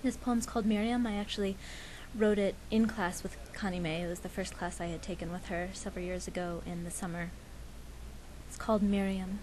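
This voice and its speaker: A young woman in her twenties, a student poet, answering interview questions in a soft, hesitant way with many restarts, then reading her own poem. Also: medium pitch, steady tone, a little fast, slight background noise, rough recording. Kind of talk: casual interview and poetry reading.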